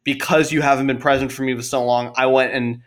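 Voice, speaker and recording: A man's voice: mid-range voice, flat delivery, quick pace, fairly bright tone. A man co-hosting a film podcast, casually and animatedly retelling scenes. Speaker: podcast co-host.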